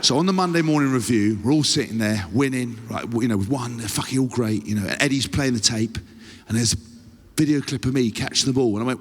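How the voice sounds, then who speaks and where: A man's voice: mid-range voice, fairly quick. A man hosting a live podcast, telling a rowdy, profane story and checking in with the audience. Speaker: podcast host. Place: live theatre stage. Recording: live venue with long reverb.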